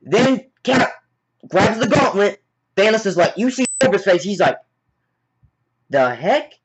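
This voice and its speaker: A man giving a casual movie review, retelling scenes as excited play-by-play with sound effects. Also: high voice, normal speed, husky. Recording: dull lo-fi recording.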